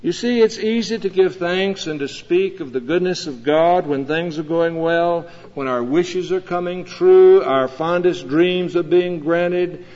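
A man, a pastor, preaching a sermon in a measured, earnest way with dramatic pauses. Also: sits high, a little mellow. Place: church sanctuary. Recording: dull lo-fi recording in a reverberant church.

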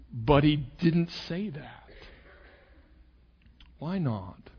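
A man's voice: a little high, animated, very slow, long pauses, husky. A male pastor preaching a sermon, acting out quoted voices with sarcasm. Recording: dull sound with long hall reverb.

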